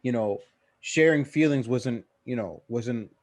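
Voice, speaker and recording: A man's voice: medium pitch, measured pace, dry recording, studio quality. A young man co-hosting a casual podcast, rambling with frequent restarts and swearing. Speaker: podcast co-host.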